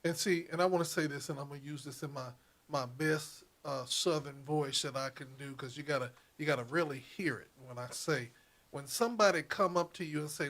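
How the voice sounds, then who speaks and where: A man's voice: on the high side, brisk, a bit bright. A man co-hosting a political talk show, speaking emphatically and repeating phrases like a preacher. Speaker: co-host.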